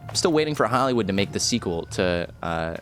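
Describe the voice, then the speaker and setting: A young man streaming a video game talks in a casual, jokey way, and his voice swoops widely as he reacts. He shouts out big exclamations at the action. Soft game music runs underneath. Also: on the low side, very animated, a little fast. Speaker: livestreamer playing a game. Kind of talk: casual gameplay commentary.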